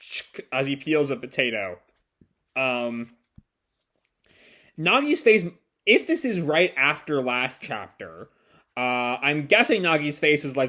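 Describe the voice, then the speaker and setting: A man's voice: mid-range voice, animated, unhurried, pushed and bright. A young man reading and reacting to a comic chapter aloud, casual, with lots of fillers, swearing and laughs. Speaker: manga reaction reader.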